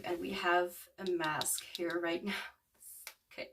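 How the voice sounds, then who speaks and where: A woman's voice: fairly low pitch, fairly even intonation, takes it slowly, a bit bright, far from the mic. A woman in her twenties giving a casual tarot reading to viewers, rambling with lots of fillers. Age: 20s. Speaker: tarot card reader.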